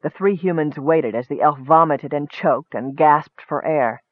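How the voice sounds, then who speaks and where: Guy reading a fantasy audiobook, steady pace, dry tinny phone audio. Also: on the high side, unhurried, no room sound. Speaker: audiobook narrator. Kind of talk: scripted fantasy narration.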